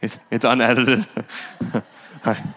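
A man's voice: medium pitch, little pitch movement, slow pace, fairly bright tone. A male pastor giving a sermon in a casual, conversational way that rises to fervent exhortation. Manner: conversational preaching, rising to exhortation. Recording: hall reverb.

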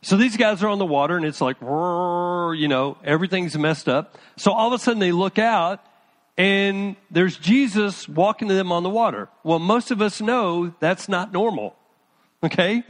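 A man's voice: sits high, moderate pace. A middle-aged man, a pastor, preaching a conversational sermon and talking to his congregation by name.

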